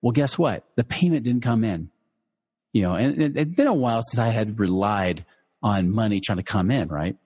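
A middle-aged financial educator shares a personal story with listeners in a loose, conversational way, full of fillers and restarts. His breathy, husky voice sits a little low with a darkish tone, and he's animated at a moderate pace. A long reverb tail lingers on his words.

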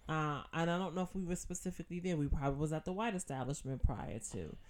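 A woman's voice: deep voice, animated, quick pace. A woman in a casual podcast chat, blunt and teasing, with emphatic points.

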